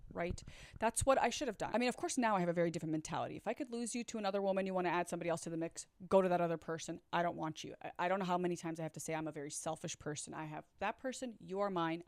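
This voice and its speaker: A woman's voice: on the low side, no echo. A woman telling her own story in a candid, chatty storytime monologue, swearing now and then and talking straight to her viewers.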